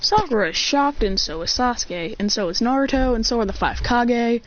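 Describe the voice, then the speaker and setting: A woman's voice: on the high side, expressive, brisk, dull audio, slight background noise. A woman casually retelling an action fan story in breathless, run-on sentences.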